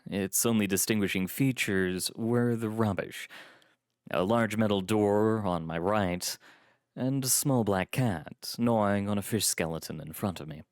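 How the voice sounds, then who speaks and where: A male reader narrates a first-person story in a calm, measured way. His voice is low, his pace is slow and deliberate, and the sound is dry and close with hardly any room echo.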